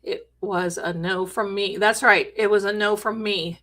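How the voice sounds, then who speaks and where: A woman's voice: medium pitch, steady tone, unhurried, pushed and bright. A middle-aged woman hosting a live stream, telling a story in a chatty, dramatic way with jokey asides. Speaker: host.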